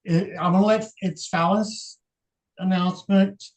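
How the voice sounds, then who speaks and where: A man's voice: high voice, steady tone, a little slow, rough recording. A man from Texas chatting casually as a livestream guest, easygoing and telling stories. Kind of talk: casual chat.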